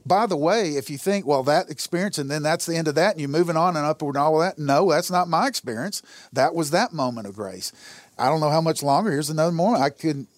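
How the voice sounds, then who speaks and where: A man's voice: fairly high pitch, fast talker, no room sound, studio quality. A man sharing a personal testimony in an earnest storytelling way, acting out the dialogue in his stories. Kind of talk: conversational testimony.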